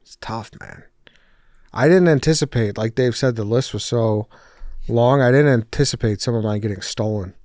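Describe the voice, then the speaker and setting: A man's voice: mid-range voice, moderate pace, a little mellow, dry recording, clean studio sound. A man in a casual group chat, chatty and fond of ribbing the others.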